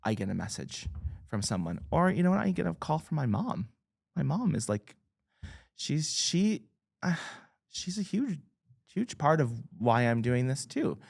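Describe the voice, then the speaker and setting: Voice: medium pitch, a little slow, creaky, slightly rough. A guest author talking casually in an interview, joking at their own expense and laughing often. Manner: animated, self-deprecating humor, laughs often. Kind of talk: conversational interview.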